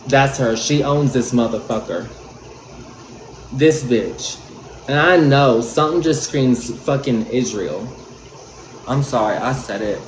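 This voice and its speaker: A man's voice: mid-range voice, slow, long pauses, slight background noise. A man giving an angry, profane commentary rant on a livestream. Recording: roomy echo.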